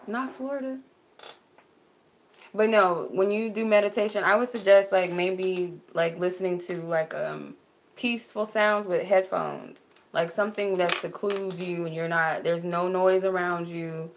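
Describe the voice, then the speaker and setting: An unhurried, level-toned woman with a lowish voice answers viewers on a livestream, with a little hiss or hum in the audio. She comes from Arizona and works as a spiritual reader; her chat is casual and easy-laughing, full of "like" fillers.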